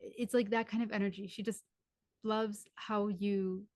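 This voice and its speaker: A woman's voice: mid-range voice, level tone, normal speed, a little mellow, no room sound, clean studio sound. A woman working as a spiritual medium, giving a live reading over a video call in a rambling way full of "like" and restarts.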